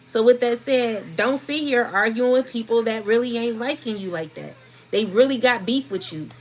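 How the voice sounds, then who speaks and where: A woman's voice: on the high side, moderate pace. A woman giving a casual spiritual tarot reading, talking in a chatty, slangy, laughing way. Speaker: tarot reader.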